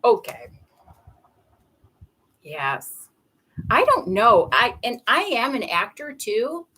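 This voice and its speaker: A woman's voice: on the high side, sing-song, takes it slowly, sharp tone, slightly rough, rough recording. A young woman doing a live tarot reading, chatty and giggly, rambling off topic in a bubbly, sing-song way. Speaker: tarot reader.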